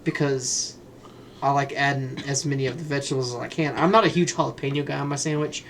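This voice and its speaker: A man's voice: mid-range voice, steady tone, quick pace, a bit bright, a little hiss or hum. A man co-hosting a podcast, chatting casually and ranting bluntly with plenty of swearing. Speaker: podcast co-host. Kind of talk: casual chat.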